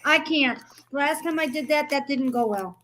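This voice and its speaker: Woman, very high voice, playful, faint background noise, casual chat. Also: normal speed, a bit bright. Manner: playful, chats while eating. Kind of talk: casual live-stream chat.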